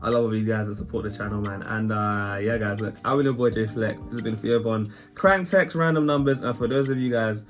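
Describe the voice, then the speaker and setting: A man's voice: on the low side, brisk, few pauses. A British man hosting a reaction video, rambling in casual commentary and often laughing as he talks to his viewers. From Britain.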